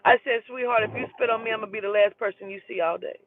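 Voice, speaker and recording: A woman telling a heated, profane story in an emphatic, animated way. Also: a little high, very fast. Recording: tinny phone-like sound.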